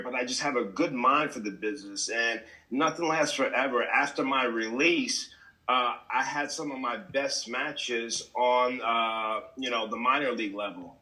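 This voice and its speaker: A man's voice: mid-range voice, sharp tone, rough recording. A man co-hosting a wrestling podcast, a wrestler himself, chatting in a laid-back way and repeating points for emphasis. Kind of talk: casual interview chat.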